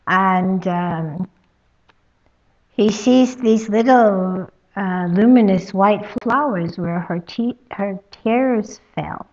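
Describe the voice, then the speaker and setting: A woman spiritual teacher telling a traditional story in a slow, halting way, with many pauses. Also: mid-range voice, dull audio. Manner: slow, halting, with fillers and soft asides.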